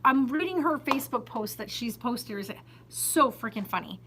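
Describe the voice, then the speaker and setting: A woman's voice: fairly high pitch, expressive, moderate pace, sharp tone, a little hiss or hum, rough recording. A woman vlogging to a handheld phone in her small store, chatty and exasperated, often laughing and emphatic. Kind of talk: casual chat to camera.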